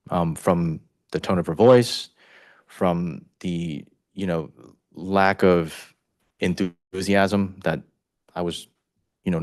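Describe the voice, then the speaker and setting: A man testifying as a witness in a courtroom, speaking haltingly with many "you know" fillers. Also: deep voice, dry recording, clean studio sound.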